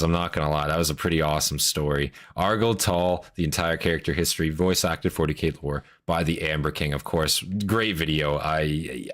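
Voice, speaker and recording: A man streaming casual reaction commentary, excitable and rambling, swearing freely. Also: low-pitched.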